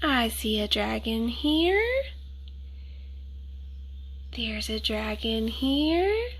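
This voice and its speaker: Casting: woman storyteller for kids, slow and bright, gentle, higher voice. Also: very animated, breathy edge. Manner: gentle, asks listeners questions, whispered asides. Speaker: storyteller reading to children. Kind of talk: picture book read-aloud.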